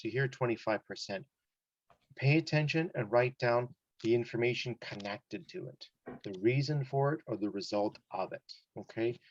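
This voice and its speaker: A man coaches a student through an English listening test, loosely and conversationally, dropping in lots of "like" and "you know". His voice sits at an ordinary pitch. The call audio is dry and a bit muffled. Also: darkish tone, dry recording. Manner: casual, explains with examples, many "like" and "you know". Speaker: English test-prep teacher. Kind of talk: one-on-one online lesson.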